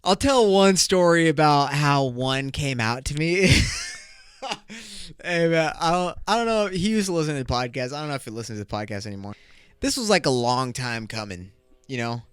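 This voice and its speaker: A man hosting his own podcast, rambling through a story in loose, profane language with frequent laughter. His voice sits a bit high for a man and comes across smooth and clear. It is recorded close and dry on a podcast mic, with no room sound. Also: animated, moderate pace, a bit bright, dry recording. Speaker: podcast host. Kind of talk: casual podcast monologue.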